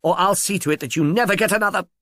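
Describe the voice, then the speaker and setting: A man's voice: lively intonation, measured pace, no echo, studio quality, heavily acted. A man putting on a gushing, tearful actress. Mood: spiteful. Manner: gushing, breathy, high pleading voice. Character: theatrical tearful woman, sweet then spiteful.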